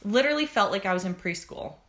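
A young woman nail technician chatting on a podcast, telling stories and acting out what people said with lively, animated quotes. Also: mid-range voice, fast. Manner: chatty storyteller, acts out quotes with lively voices. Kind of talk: casual podcast chat.

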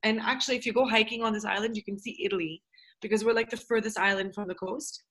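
A woman's voice: mid-range voice, steady tone, fast, fairly bright tone. A woman from Montreal, a yoga teacher talking as a podcast guest in a chatty, rambling way and laughing often. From Montreal, Canada. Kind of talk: casual interview chat.

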